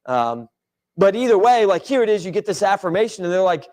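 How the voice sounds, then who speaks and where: Higher-pitched male teacher, casual rambling delivery, church Bible class setting. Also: lively intonation, quick pace, darkish tone. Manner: conversational, rambling with fillers and restarts.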